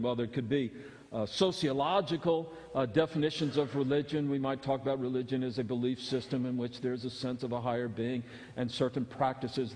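A man's voice: medium pitch, darkish tone. A man preaching a sermon as pastor, emphatic and repetitive, his voice building in fervor. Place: church sanctuary. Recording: long hall reverb.

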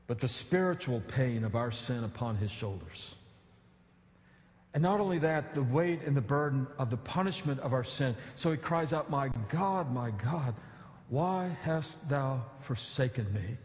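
Earnest preaching man in echoey church. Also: fairly high pitch. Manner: earnest preaching with rising emphatic appeals and conversational asides. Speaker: pastor. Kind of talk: sermon. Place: church sanctuary.

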